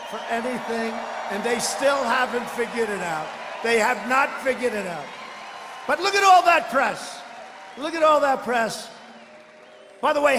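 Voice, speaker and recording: A man's voice: very high-pitched, a bit bright, a little hiss or hum. Boastful man rambling through an echoing arena. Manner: boastful, rambling, mocking asides. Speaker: politician at a rally. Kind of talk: campaign rally speech. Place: large indoor arena. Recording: echoey arena with long reverb.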